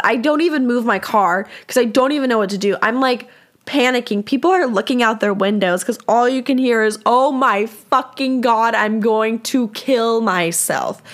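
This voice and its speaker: A young woman from San Diego, California, telling a story on her podcast in an animated, profane, self-deprecating way. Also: a little high. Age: young adult. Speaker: podcast host. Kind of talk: casual storytelling monologue.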